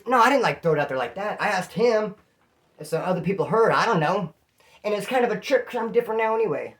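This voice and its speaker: A man recounting a jail story in loose, slang-heavy talk. He keeps the telling lively by putting on the voices of the people in it. His tone stays casual and conversational throughout. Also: a little high, quick pace. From California. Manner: slangy, animated, acts out quoted voices. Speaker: prison storyteller.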